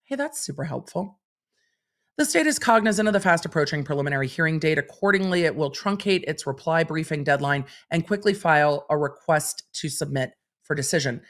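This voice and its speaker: A woman's voice: low-pitched, expressive, fairly quick, few pauses. A woman hosting a livestream, reading court documents aloud and commenting on them in a chatty, wry way. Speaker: legal commentator host.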